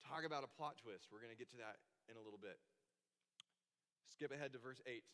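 Animated man preaching in a reverberant church. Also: mid-range voice, a little fast. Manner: animated storyteller, acts out quoted voices. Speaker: pastor. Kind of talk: sermon. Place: church sanctuary. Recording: long hall reverb.

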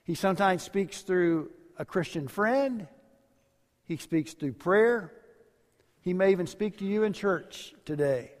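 A male pastor delivering a sermon, telling stories and dropping to quiet phrase endings. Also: sits high, expressive, takes it slowly. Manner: storytelling preacher, varies volume widely, drops to quiet endings. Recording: long hall reverb.

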